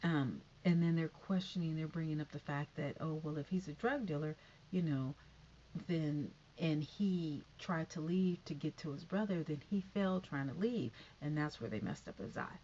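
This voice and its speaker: A woman's voice: low voice, normal speed, dark tone, muffled recording, slight background noise. A woman casually recapping a TV episode, rambling with lots of fillers and tangents.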